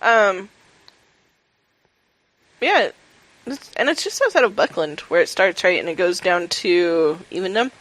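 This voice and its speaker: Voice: mid-range voice, animated, measured pace, long pauses, a bit bright, no room sound, poor audio. A podcast co-host chatting casually and playfully about a game. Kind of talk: casual gaming podcast chat.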